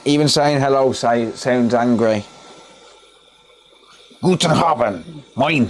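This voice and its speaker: Man, West Midlands English accent, unhurried, casual livestream chat, relaxed. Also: medium pitch, a little hiss or hum. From West Midlands, England. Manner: relaxed, chatty, greets viewers by name. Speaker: repair livestream host. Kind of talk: casual live-stream chat while working.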